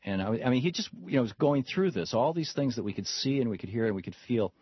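A man's voice: medium pitch, lively intonation, quick pace, breathy edge, dry recording, dull audio. A man from Michigan hosting a call-in talk radio show, telling stories in a rambling way with many restarts. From Michigan, USA. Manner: rambling, storytelling with frequent restarts.

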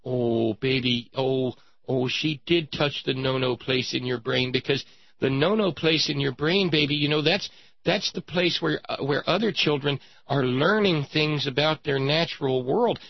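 A man's voice: mid-range voice, a little slow, gravelly, no room sound, lo-fi sound, pitched above the performer's own voice. A man voicing a doting, pious parent who fusses over a child in sugary baby talk. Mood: cooing.

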